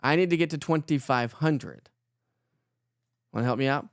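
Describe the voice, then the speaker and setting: A man's voice: medium pitch, normal speed, no echo, clean studio sound. Chatty man hosting a weather livestream. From Colorado. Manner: chatty, upbeat, jokey, greets viewers by name. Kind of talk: casual live-stream chat reading viewer comments.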